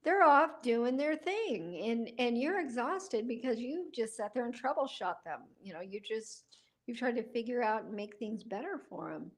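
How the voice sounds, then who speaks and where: A woman co-hosting a podcast, telling animated stories and laughing easily in casual chat. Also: fairly high pitch, moderate pace. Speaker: podcast co-host.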